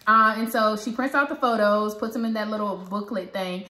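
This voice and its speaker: A woman vlogger with a Southern American accent, chatting and retelling a story with lively quoted dialogue. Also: mid-range voice, brisk. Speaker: parenting vlogger. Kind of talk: casual storytelling. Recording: echoey room.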